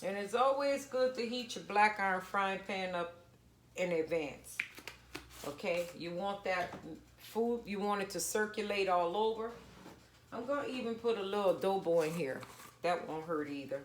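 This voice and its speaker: A woman's voice: medium pitch, moderate pace, a little hiss or hum. Chatty woman cooking in echoey kitchen. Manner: chatty, down-to-earth, calls viewers baby. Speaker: home cooking vlogger. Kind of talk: casual cooking tutorial. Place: home kitchen.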